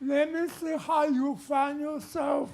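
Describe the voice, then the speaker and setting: An older man putting on the voice of an indignant old shopkeeper who shouts in broken speech. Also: extremely high pitch, flat delivery, takes it slowly, soft background music, voice pushed up.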